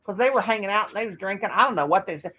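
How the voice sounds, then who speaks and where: A woman's voice: mid-range voice, racing, pushed and bright, breathy edge. A woman in her fifties hosting a casual live stream, rambling in a folksy way and laughing at herself. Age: 50s.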